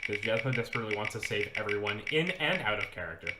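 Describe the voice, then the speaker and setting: A woman acting as game master, narrating combat in a slow, deliberate way. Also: a bass voice, animated, a crowd in the background. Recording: roomy echo.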